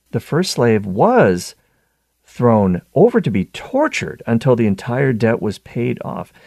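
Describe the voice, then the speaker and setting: A man hosting a show, giving a conversational teaching talk on scripture, animated and full of restarts. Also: medium pitch, no echo, studio quality. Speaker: Catholic teacher and show host.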